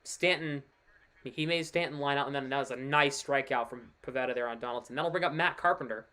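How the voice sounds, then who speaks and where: This man's medium-pitched voice runs a little fast as he streams informal play-by-play of a baseball game. He's talkative, excitable when something big happens, and sprinkles in casual asides.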